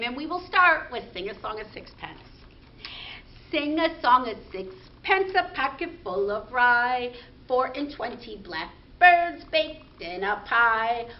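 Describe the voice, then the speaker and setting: A woman leading a baby story time as a librarian, reading rhymes in a slow, animated sing-song. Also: sits high, dull audio, a little hiss or hum. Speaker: children's librarian.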